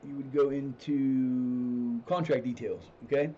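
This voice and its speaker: A man's voice: medium pitch, steady tone, a little slow, warm tone, muffled recording, slight background noise. A man streaming a football management game, chatting casually as he plays, often restarting his sentences and cursing when things go wrong. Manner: rambling, restarts sentences, swears when frustrated. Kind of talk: casual gameplay commentary.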